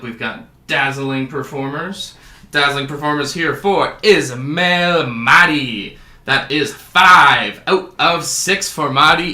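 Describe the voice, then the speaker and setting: A man's voice: a little high, pushed and bright, echoey room. A man hosting a sports card break, calling out each card and adding jokey asides. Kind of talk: casual card-opening commentary.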